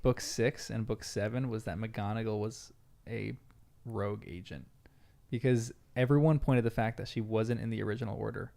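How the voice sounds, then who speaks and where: Man with a gravelly voice, chatty. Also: lowish voice, normal speed. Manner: animated, laughs often, acts out quotes. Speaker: podcast host. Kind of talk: casual book discussion.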